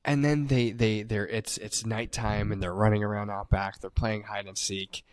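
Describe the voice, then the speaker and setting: A man casually recapping a movie as a podcast co-host, telling it in an animated way, swearing and acting out the characters' lines. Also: on the low side, moderate pace, no echo.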